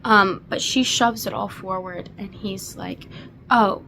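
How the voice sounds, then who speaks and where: Slow-talking young woman gushing over a book. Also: medium pitch, steady tone, gravelly, pushed and bright, a little hiss or hum. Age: 20s. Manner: gushing and emotional, many fillers. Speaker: book reviewer. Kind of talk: casual book recap.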